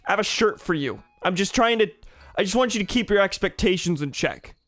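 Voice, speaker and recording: A man's voice: high-pitched, animated, fairly quick, fairly bright tone, no room sound, soft background music. Joking young man streaming a game. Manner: joking, swears, reads game dialogue aloud. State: sore throat. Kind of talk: casual gaming commentary.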